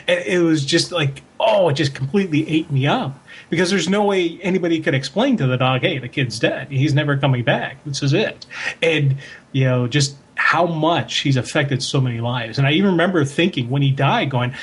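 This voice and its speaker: A man co-hosting a podcast, his voice husky and pitched a little high. He talks in casual chat, telling his story with open, animated emotion. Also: fairly quick. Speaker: podcast co-host.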